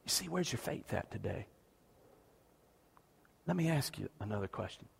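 A man's voice: on the low side, very animated, normal speed, creaky, big-room sound, slight background noise. A man preaching a passionate sermon as pastor, repeating questions and stammering through restarts.

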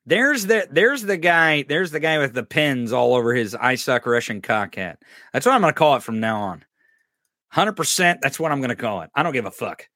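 Mocking potty-mouthed podcast dude, bright voice, swoopy pitch, swears nonstop. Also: male voice, sing-song, fairly quick, no echo, clean studio sound. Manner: crude, mocking, swears constantly, laughs at clips. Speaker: podcast host. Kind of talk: profane political commentary over clips.

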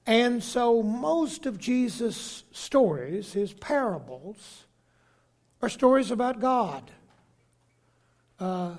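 An older man delivers a sermon at an unhurried pace. His voice sits high for a man, and he tells stories folksily, climbing to emphatic peaks. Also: sing-song. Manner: slow, folksy storytelling with rising emphatic peaks. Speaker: bishop preaching.

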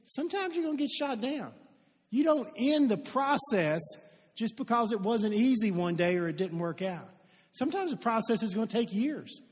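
A pastor from Kentucky preaching a sermon, telling stories and acting out the dialogue in them. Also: male voice, very high-pitched, moderate pace, slightly rough, long reverb tail. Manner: lively storytelling, acts out quoted dialogue.

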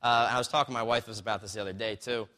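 Man, pastor, sermon, conversational storytelling, bright voice, long hall reverb. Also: medium pitch, steady tone, very fast.

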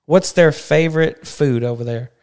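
A man's voice: on the high side, moderate pace, darkish tone, clean tone. A man hosting a casual family podcast, telling travel stories in a chatty way and ending with an upbeat sign-off.

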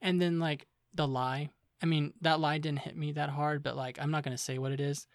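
A man's voice: a little high, flat delivery, fairly quick, no echo, clean studio sound. A young man co-hosting a casual review podcast, rambling with lots of fillers and restarts. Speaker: podcast co-host.

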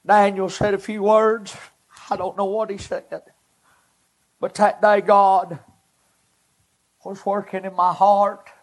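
A man delivers a personal testimony from the pulpit. His voice sits very high for a man. He speaks in earnest, halting, short phrases. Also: level tone. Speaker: preacher giving a personal testimony. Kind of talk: emotional testimony sermon.

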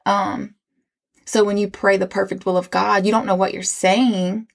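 Woman, podcast host, faith testimony, earnest, rambling, gravelly edge. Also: mid-range voice, flat delivery, normal speed. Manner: rambling, earnest, many fillers and restarts.

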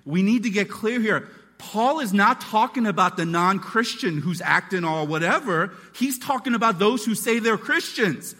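A man preaching to his congregation with an animated delivery that slips into acted-out voices. His voice sits a bit high for a man and rings bright and forceful. The sound carries the long reverb of a church hall. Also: moderate pace. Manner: animated, acts out voices and quotes. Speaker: pastor. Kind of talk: sermon.

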